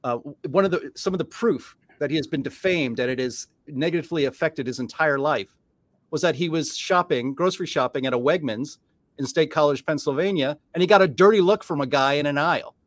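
A man hosting a talk show, chatty and amused, moving through his points at a measured pace. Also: on the high side, no room sound. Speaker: show host. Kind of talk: casual discussion.

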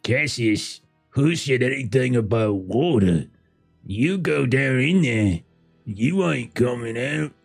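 A man voicing a grumpy, very tall male fisherman who keeps telling the party to be quiet. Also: mid-range voice, animated, slow, faint music behind, heavily acted. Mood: irritable. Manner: irritable, shushing, gruff.

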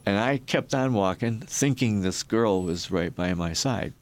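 A man's voice: lowish voice, a little slow. An older man from Michigan, a guest in an interview, telling long rambling stories and acting out the people in them. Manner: rambling anecdotes with restarts and acted quotes. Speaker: guest, former rock roadie and photographer. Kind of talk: storytelling in a podcast interview.

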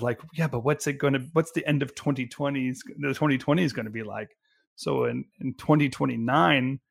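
Male podcast co-host, gravelly mid-pitched voice, halting delivery full of restarts. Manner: halting, restarts sentences often. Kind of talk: casual business discussion.

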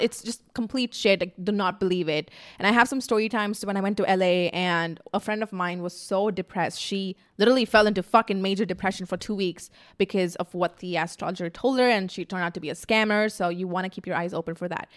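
A young woman chatting straight to camera in a casual vlog. She is blunt and emphatic, swears often, and slips into animated little impressions of other people. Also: medium pitch, brisk. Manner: animated, acts out quotes. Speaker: vlogger.

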